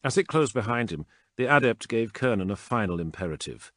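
Male audiobook narrator; low pitch, lively intonation, dramatic storytelling. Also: fairly quick, dry recording, studio quality. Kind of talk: scripted narration.

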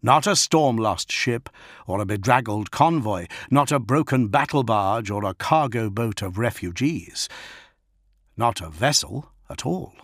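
A man narrating an audiobook in an expressive storytelling manner. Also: on the low side, unhurried, no room sound, clean studio sound. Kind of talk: scripted narration.

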